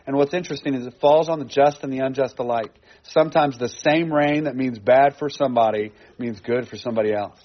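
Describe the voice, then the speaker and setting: A man's voice: medium pitch, dull audio. A man teaching a sermon in a conversational way, repeating phrases for emphasis. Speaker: pastor. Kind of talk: expository sermon.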